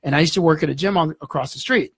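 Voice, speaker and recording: A man, a guest in an interview, telling a story in an animated way and acting out the voices in it. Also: on the high side, rapid-fire, slightly rough, no room sound, studio quality. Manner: animated, acts out dialogue in the story.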